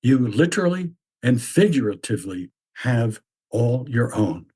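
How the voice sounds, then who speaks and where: A man voicing a stern mythic figure who lectures bluntly in a measured, repetitive way. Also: medium pitch, big pitch swings, warm tone, husky. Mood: lecturing. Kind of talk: reflective spoken essay.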